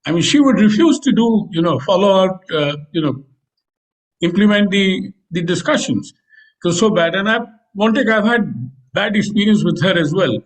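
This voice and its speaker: A man with an Indian English accent speaking on a panel about economic policy, pausing often with fillers. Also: sits high, lively intonation, rough recording. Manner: hesitant, many fillers. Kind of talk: panel discussion.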